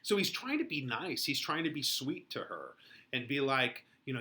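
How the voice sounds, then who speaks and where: A man's voice: mid-range voice, big pitch swings, moderate pace, pushed and bright. A man giving casual lesson commentary on a play, chatty and full of "you know" fillers. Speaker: teacher.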